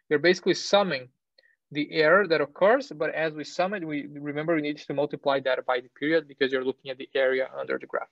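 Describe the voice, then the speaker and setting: In a technical engineering lecture, a man with a fairly high voice steps through ideas, leaning on fillers and self-corrections and tossing in an occasional "right?". The sound is dry and close with no room sound and a dull, lo-fi classroom feel.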